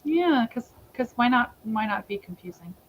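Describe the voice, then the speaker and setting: Woman, young adult, from Georgia, casual chat host, rambling, self-correcting, slightly high-pitched, light background hiss. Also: animated, moderate pace, highs cut off. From Georgia, United States. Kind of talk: casual chat on a live stream.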